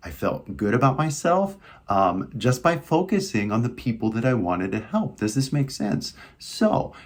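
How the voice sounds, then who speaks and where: A man's voice: mid-range voice, big pitch swings, measured pace. A young man with a Californian American accent, giving a casual English lesson and talking in a chatty, loose way full of "like" and "right?". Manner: chatty, filler-heavy, lots of "right?" and "like". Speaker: English teacher.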